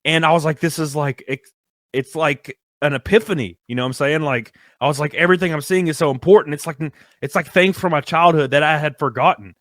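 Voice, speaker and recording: A young man casually telling a rambling, animated story, full of "like" and casual swearing. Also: fairly high pitch, a little fast, no echo, clean studio sound. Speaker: guest storyteller. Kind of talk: casual storytelling on a live stream.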